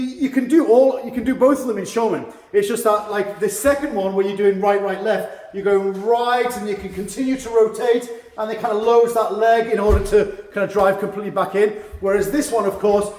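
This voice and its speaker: Karate sensei guy teaching online, highish voice, echoey call audio, lots of "yeah?". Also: darkish tone. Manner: encouraging, checks understanding with frequent "yeah?". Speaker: karate instructor. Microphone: video call.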